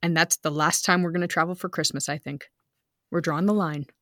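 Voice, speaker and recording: A woman's voice: sits low, fairly even intonation, a bit bright, no room sound, clean studio sound. Chatty woman in her thirties. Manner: chatty, quick asides, bursts of speed. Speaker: podcast co-host. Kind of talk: casual family chat.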